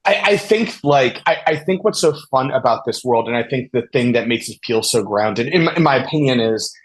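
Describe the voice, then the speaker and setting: An enthusiastic man answers interview questions as a TV showrunner, his voice sitting at a medium pitch. He rambles and restarts his sentences often, his speech relaxed and conversational. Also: brisk, poor audio.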